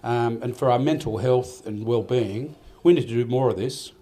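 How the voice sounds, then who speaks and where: A man's voice: mid-range voice, normal speed, mellow. An older Australian man giving a rambling, heartfelt speech at a farmers' awards night, with many restarts. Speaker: event organiser giving a speech. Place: event hall.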